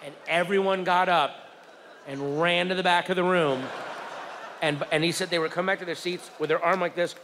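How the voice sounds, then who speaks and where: A man doing stand-up storytelling on stage, animated, shouting out the crowd's yells. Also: sits high, a little fast. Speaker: stand-up comedian. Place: comedy stage before a live audience. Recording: reverberant live venue with crowd noise.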